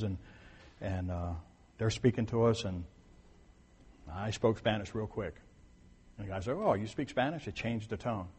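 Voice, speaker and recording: The sermon comes from a pastor with a fairly low, dark, slightly rough voice in a big-sounding room. Conversational in style, he hammers points through repetition and restarts or corrects sentences midway.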